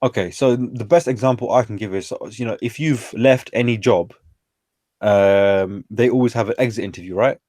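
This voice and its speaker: A man's voice: fairly low pitch, moderate pace, a little mellow, dry recording, clean studio sound. A man, a guest telling stories in a casual, slangy way full of fillers. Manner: chatty, informal, peppered with slang and fillers. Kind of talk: casual storytelling conversation.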